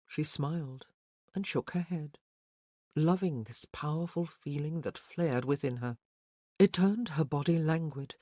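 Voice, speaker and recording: An audiobook narrator reading a romance novel at a slow, even pace. The voice sits at a middle pitch. The recording is dry and close, with no echo.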